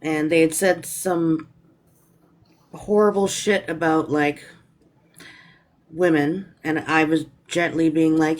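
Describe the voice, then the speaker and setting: A guest joining a livestream call, speaking hesitantly and gently with many fillers. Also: medium pitch, takes it slowly. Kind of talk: casual chat.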